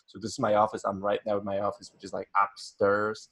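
A man talks in a low, gravelly voice as a guest in a casual interview. He speaks from his home office, hesitant and chatty, with frequent fillers and restarts. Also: completely flat delivery, a little fast, bright, forceful tone. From Poland. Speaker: guest, wedding photographer.

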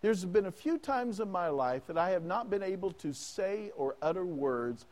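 A man's voice: high voice, sing-song, normal speed, darkish tone. A man preaching a sermon as pastor, asking the congregation questions and acting out prayers in the first person.

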